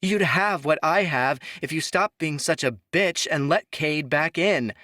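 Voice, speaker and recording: A man voicing a young pregnant woman who pleads and shouts back at her friend. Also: on the high side, unhurried, no room sound, clean studio sound, pitched above the performer's own voice. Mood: heated. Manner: pleading, then screaming back.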